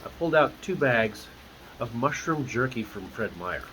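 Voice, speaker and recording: A man, a dungeon master, chatting casually as he recaps his tabletop campaign, talking in an animated way full of asides. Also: medium pitch, moderate pace, a little hiss or hum, poor audio.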